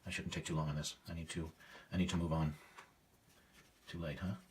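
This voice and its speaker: Man, very low voice, slightly distant from the mic, faint room hiss, self-critical art teacher talking through his painting. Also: flat delivery, a little fast. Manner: self-critical, thinking aloud while painting; casual, hesitant with fillers. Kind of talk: live painting demonstration.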